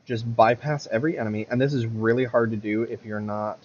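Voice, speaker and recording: A man's voice: medium pitch, flat delivery, fairly quick, darkish tone, muffled recording, a little hiss or hum. Rambling man commentating his gameplay. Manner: rambling, self-correcting, mutters at the game. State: has the hiccups.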